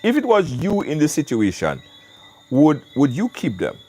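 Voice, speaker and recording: A man's voice: fairly high pitch, moderate pace, breathy edge. A man, hosting a live call-in show, talking casually and emphatically, often repeating words, recorded outdoors in the wind. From Caribbean. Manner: animated, emphatic repetition. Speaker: show host. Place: outdoors, windy.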